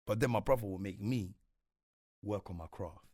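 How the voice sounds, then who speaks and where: A man's voice: on the low side, moderate pace, a little mellow, no echo, clean studio sound. A man, a guest in a casual interview, talking reflectively with slang and frequent repeats. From Congo.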